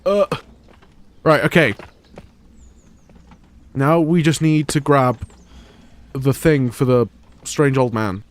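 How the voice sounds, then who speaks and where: A man's voice: mid-range voice, slow, pauses often. A man, streaming a game and rambling crude jokes at home. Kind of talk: gameplay live stream commentary.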